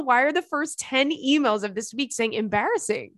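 A woman's voice: a little high, expressive, normal speed, few pauses, fairly bright tone, no echo, clean studio sound. A young woman hosting a podcast, chatting casually and reading listener emails in a sassy, giggly way. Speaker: podcast host.

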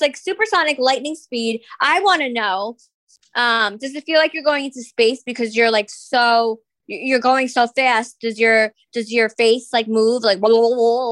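A woman's voice: on the high side, a bit bright, no echo. Sassy woman co-hosting a podcast. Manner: sassy, teasing, quick reactions. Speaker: podcast co-host. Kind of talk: casual podcast chat.

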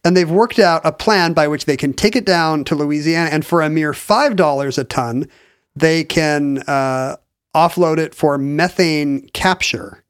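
A man's voice: a little high, measured pace, clear, resonant tone, no room sound, studio quality. A man co-hosting a podcast, explaining a story in a chatty, wry way with frequent restarts. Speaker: podcast co-host. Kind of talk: casual chat, explaining a story.

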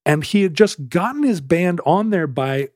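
A man with a slightly high voice speaks at normal speed, hosting a casual talk show as a podcast host. He tells a long story, animatedly acting out the voices of those in it, in clean studio sound with no echo.

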